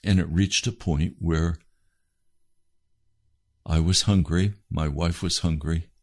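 A man's voice: low voice, fairly even intonation, takes it slowly, darkish tone. A man preaching a testimony sermon, impassioned, his voice rising to cries at moments.

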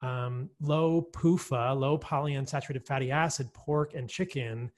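On a conversational podcast interview, a man appears as a guest expert, unhurried and mid-range in voice, with slight background noise. His long explanations are enthusiastic and chatty, dotted with laughs and fillers.

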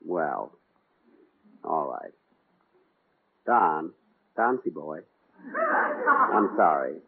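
A man's voice: very deep voice, big pitch swings, extremely slow, creaky, slight background noise. A man hosting a 1940s radio comedy, talking in an indignant, exasperated way. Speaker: comedy show host. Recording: tinny 1940s radio broadcast.

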